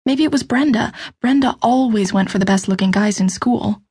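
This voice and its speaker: A woman's voice: fairly high pitch, moderate pace, a little mellow, slightly rough, dry recording, studio quality. A woman narrator voicing an earnest, unsure young small-town woman in an audiobook.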